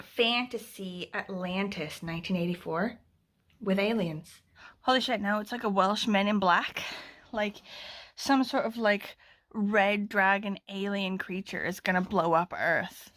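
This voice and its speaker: A woman's voice: mid-range voice, a bit bright. A woman book vlogger chatting casually about books. She is sarcastic and swears freely, with lots of "like" and "you know". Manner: amused and sarcastic. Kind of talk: casual book review chat.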